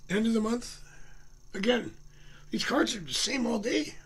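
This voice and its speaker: A man's voice: very high voice, slow pace, a bit bright, slightly rough. A man giving casual, chatty tarot readings on a live stream, rambling and joking as he goes. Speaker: tarot reader. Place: home.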